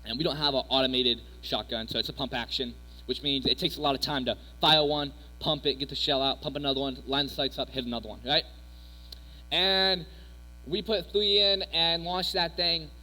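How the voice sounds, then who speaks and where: A man's voice: mid-range voice, steady tone, moderate pace, sharp tone. A young man giving a casual, rambling youth sermon full of personal stories and fillers. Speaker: youth speaker. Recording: echoey hall with mains hum.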